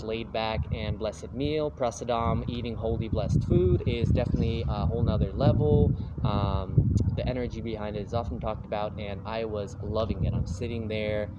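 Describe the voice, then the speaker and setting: A man's voice: fairly low pitch, muffled recording, heavy background noise. A man vlogging, telling a rambling, casual story and slipping into voices for the people in it. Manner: rambling, breaks into quoted voices.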